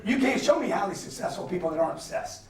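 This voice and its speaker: Emphatic high-voiced man lecturing in a hall. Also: quick pace, a little hiss or hum. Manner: emphatic, punchy, animated. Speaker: guest speaker. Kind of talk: motivational business lecture. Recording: roomy hall, mic at a distance, faint ambience. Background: audience laughter.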